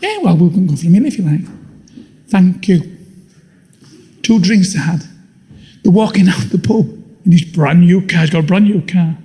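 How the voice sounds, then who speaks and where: A man's voice: high voice, normal speed, long pauses. A man doing crude stand-up in an echoing hall. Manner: blunt, swearing, deadpan punchlines. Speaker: stand-up comedian. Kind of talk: crude stand-up comedy routine. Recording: live show in a long-reverb hall.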